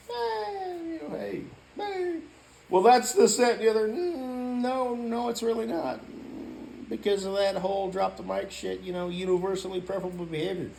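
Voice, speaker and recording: A male YouTuber rants in a casual vlog with a high-pitched, creaky voice at a moderate pace. He rambles and swears, fills every gap with "you know," and sometimes bursts into loud shouting, over a little hiss or hum.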